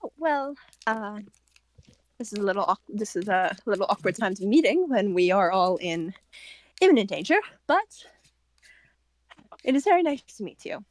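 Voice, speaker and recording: A woman's voice: mid-range voice, very animated, moderate pace, pauses often, no echo, lightly acted. A woman voicing a polite, slightly awkward young woman adventurer, speaking formally with hesitations.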